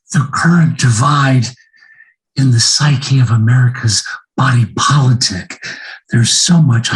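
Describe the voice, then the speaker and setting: A man speaking for a library board in slow, deliberate closing remarks, presenting an award over a video call. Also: mid-range voice, poor audio.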